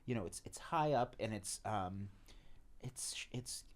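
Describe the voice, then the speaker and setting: A man's voice: lowish voice, animated, slow pace. A man running a tabletop game, describing the scene with wry jokes.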